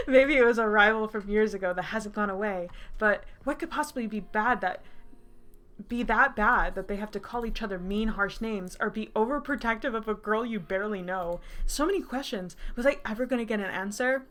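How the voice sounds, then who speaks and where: A woman's voice: medium pitch, moderate pace, a bit bright, soft background music. A woman in her twenties reading her old writing aloud, breaking off for laughing, mocking and sarcastic asides. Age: 20s. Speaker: YouTuber.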